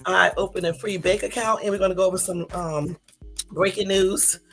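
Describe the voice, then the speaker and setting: A woman's voice: fairly low pitch, steady tone, normal speed, soft background music. A woman hosting a casual live stream, tired and a bit out of breath, chatting loosely and rambling to her viewers. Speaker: YouTube live host.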